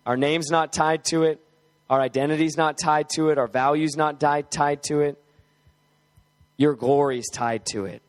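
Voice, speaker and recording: High-voiced fervent male preacher. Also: fairly even intonation, normal speed. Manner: fervent, building to shouted exclamations; casual, conversational with filler words. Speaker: guest preacher. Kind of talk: sermon leading group prayer.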